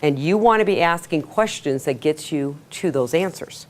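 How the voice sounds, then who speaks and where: A woman teaching a sales workshop to a live audience, energetic, asking the room questions and acting out quotes. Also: sits low, normal speed, slight background noise. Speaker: sales trainer. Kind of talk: workshop lecture.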